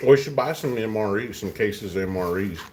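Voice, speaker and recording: A man's voice: on the low side, fairly quick, a little mellow, slight background noise. A middle-aged man with a West Texas accent, chatting casually with viewers over dinner in a laid-back, drawling way. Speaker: host. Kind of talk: casual chat while eating dinner.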